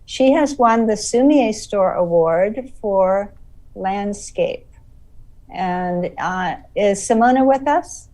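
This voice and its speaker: A woman hosts an online award presentation, speaking slowly and warmly. She sounds friendly, now and then correcting herself. Her voice is picked up from a distance on a video call. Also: medium pitch, lively intonation. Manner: friendly, slightly apologetic, self-correcting. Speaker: exhibition host.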